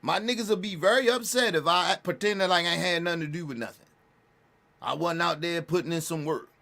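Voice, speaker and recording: A man's voice: on the high side, a little fast, vocal fry, pushed and bright. Blunt, emphatic man in street talk. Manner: blunt, repetitive, restarts phrases, profane slang. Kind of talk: casual street talk commentary.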